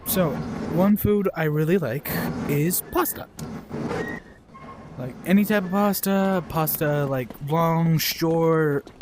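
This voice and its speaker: Man rambling slowly over a noisy recording. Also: on the high side. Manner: rambling, blunt, swears, quick asides and apologies. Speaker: gameplay streamer. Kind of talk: casual rambling rant while gaming.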